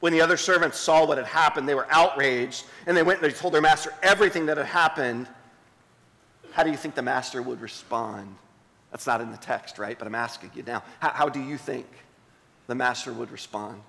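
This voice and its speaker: A pastor preaching a sermon, dramatic and emphatic, dropping to a hushed voice for scripture. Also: male voice, a little high, moderate pace, long reverb tail. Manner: dramatic, drops to a hushed voice when reading scripture. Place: church sanctuary.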